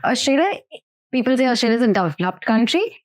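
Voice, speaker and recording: A woman's voice: on the high side, big pitch swings, fast talker. Woman with an Indian accent. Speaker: podcast guest, entrepreneur. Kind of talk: casual podcast chat.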